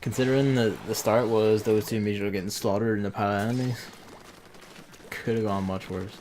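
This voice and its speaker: Low-voiced man swearing through a game. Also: fairly even intonation, quick pace, darkish tone, a little hiss or hum. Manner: blunt, swears while playing. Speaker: game streamer. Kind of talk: casual gaming chat. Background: game music.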